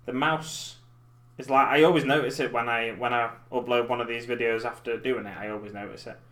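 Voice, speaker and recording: Man, 30s, live-stream host; bright tone, chatty and self-deprecating. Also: medium pitch, fairly even intonation, brisk. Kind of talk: casual chat while painting miniatures. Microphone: desk mic in front of keyboard.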